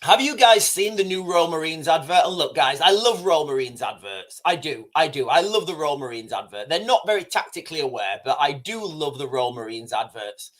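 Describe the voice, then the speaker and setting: A man's voice: on the high side, expressive, normal speed, few pauses, fairly bright tone. A man hosting a casual livestream, rambling, repeating himself and talking straight to his chat. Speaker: livestream host.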